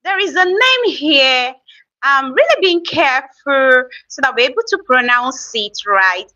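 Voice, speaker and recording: Nigerian woman, lively high voice. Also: unhurried, distant mic. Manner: chatty, teasing, reads viewer comments aloud. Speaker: YouTube creator hosting a live stream. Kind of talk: casual live-stream chat with viewers. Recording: slightly dull lo-fi stream audio.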